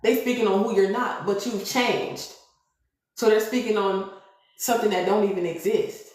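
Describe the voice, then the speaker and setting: Woman tarot reader on a live stream, preachy and emphatic, mid-pitched, very echoey room. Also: steady tone, normal speed, a little mellow. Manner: preachy, emphatic, repeats "okay?" to the audience.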